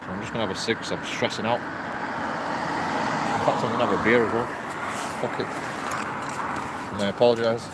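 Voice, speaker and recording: A man's voice: medium pitch, fairly even intonation, a little fast, pauses often. A man livestreaming outdoors in town, rambling in an exasperated way and laughing nervously. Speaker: livestreaming auditor. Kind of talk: rambling live-stream vlog. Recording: noisy street traffic behind.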